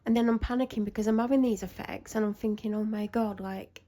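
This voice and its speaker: A woman's voice: mid-range voice, fairly even intonation, quick pace, dark tone. A young woman rambles anxiously in a casual vlog chat, often interrupting herself. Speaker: vlogger.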